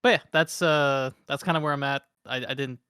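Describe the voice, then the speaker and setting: A man's voice: mid-range voice, fairly even intonation, a little fast, pushed and bright, smooth, no room sound, clean studio sound. A young man co-hosting a gaming podcast, rambling casually with lots of "like" fillers. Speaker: podcast co-host. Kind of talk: casual chat.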